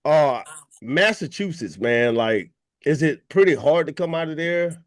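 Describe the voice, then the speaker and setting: A man's voice: a little high, animated, unhurried, dry recording, clean studio sound. A man hosting a hip-hop radio show, chatting loosely with slang and hyping up his guest. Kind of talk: casual interview chat.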